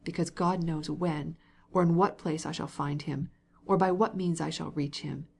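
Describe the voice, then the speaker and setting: A woman's voice: deep voice, fairly even intonation, normal speed, gravelly, a little mellow, a little hiss or hum. A woman reading an audiobook, voicing a stern, grieving young husband who speaks reproachfully.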